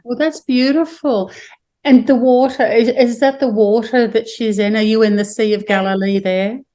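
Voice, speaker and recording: A woman's voice: a little high, fairly even intonation, normal speed, warm tone. An Australian woman hosting a spiritual podcast over a video call, speaking in soothing, gushing affirmations. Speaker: podcast host.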